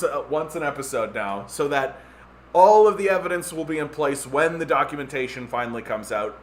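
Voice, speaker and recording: A man's voice: a little high, a bit bright, slight background noise. A Canadian man hosting a podcast, ranting casually with sarcastic mockery and many filler words. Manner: sarcastic, mocking impressions, lots of "like" fillers. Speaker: podcast host.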